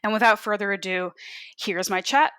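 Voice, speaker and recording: A woman's voice: mid-range voice, moderate pace, fairly bright tone, smooth. A woman hosting a podcast, chatting casually and upbeat with plenty of fillers. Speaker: podcast host.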